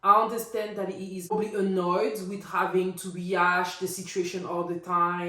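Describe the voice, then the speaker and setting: A woman's voice: lowish voice, moderate pace, hardly any pauses. Opinionated woman vlogger in an echoey room. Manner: opinionated, animated, rhetorical. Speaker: recap vlogger. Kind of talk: casual reality TV recap.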